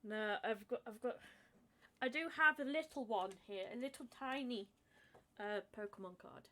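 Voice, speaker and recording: Woman, co-host, high and bright, giggly and overdramatic. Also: normal speed. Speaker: podcast co-host. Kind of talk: casual chat.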